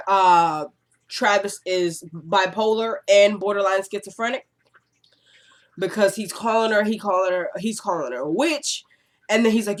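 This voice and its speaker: A woman recapping a TV drama episode in a casual, chatty way, acting out the characters' lines while she has a cold. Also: medium pitch. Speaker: TV recap vlogger. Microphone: camera.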